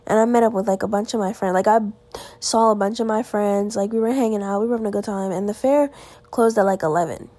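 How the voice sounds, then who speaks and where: With a mellow, medium-pitched voice and a quick pace, a teenage girl hosts her podcast from home and rambles wearily about her weekend. She keeps restarting and saying "like," and the audio has no echo.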